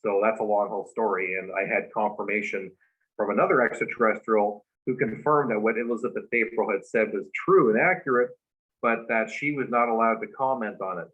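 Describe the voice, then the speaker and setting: A man, a guest, casually telling a long story, animated and full of fillers. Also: fairly low pitch, fairly quick. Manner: animated retelling with many fillers. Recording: dull lo-fi recording.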